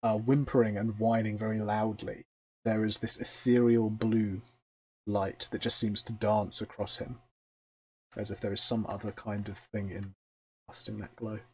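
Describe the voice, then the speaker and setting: A man narrating as game master of a tabletop role-playing game, describing scenes in a relaxed storytelling way with fillers. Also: fairly low pitch, normal speed, a little hiss or hum.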